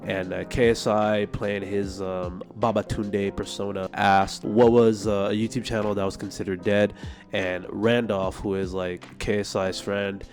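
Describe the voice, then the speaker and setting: A man's voice: fairly low pitch, flat delivery, a little slow, a little mellow, soft background music. A man hosting a commentary vlog on internet drama, blunt and profane, mocking the people involved. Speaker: YouTube commentary host.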